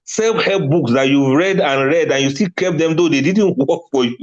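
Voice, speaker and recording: A man's voice: a little high, normal speed, hardly any pauses, dull audio. A man giving a religious talk on letting go, emphatic and often laughing at his own points. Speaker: Islamic speaker.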